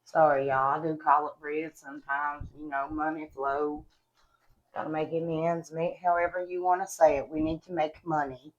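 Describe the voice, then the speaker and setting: A woman's voice: sits low, level tone, moderate pace, lo-fi sound. A woman from West Virginia with an Appalachian Southern accent, chatting casually at home while reviewing products, folksy and talkative, calling viewers y'all. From West Virginia, USA. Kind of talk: casual chat to camera.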